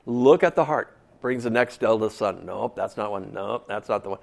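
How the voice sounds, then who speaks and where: A man's voice: lowish voice, moderate pace, gravelly. A man preaching a sermon in a folksy, conversational way, full of casual asides.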